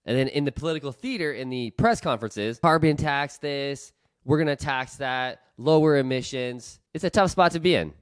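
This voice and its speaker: A man's voice: medium pitch, no echo. A man, a real estate investor hosting his own channel, giving blunt, ranting opinion commentary. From Canada.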